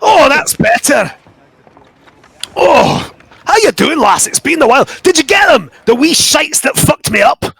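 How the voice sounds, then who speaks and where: A man voicing a tiny, foul-mouthed, furious male mushroom warrior with a put-on Scottish accent, shrill and yelling. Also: very animated, unhurried, vocal fry, heavily acted. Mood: chummy. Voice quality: shrill, yelling, relentless swearing.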